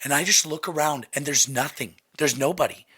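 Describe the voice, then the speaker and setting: Young man, podcast host, casual storytelling, animated, swears a lot, bright tone. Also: fairly high pitch, fairly quick, slightly rough. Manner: animated, swears freely, laughs often.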